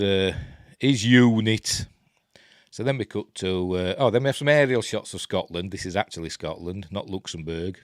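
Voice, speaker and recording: A man's voice: sits low, no echo, studio quality. A man with a Yorkshire accent rambling casually through a live film commentary from his webcam. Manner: rambling, chatty, self-interrupting. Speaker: host.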